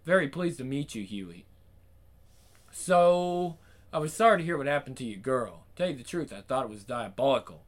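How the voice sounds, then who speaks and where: A man doing a gruff hard man. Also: mid-range voice, lively intonation, normal speed, close to an everyday voice. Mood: blunt. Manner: blunt, sweary, matter-of-fact. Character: gruff British hard man, blunt and sardonic.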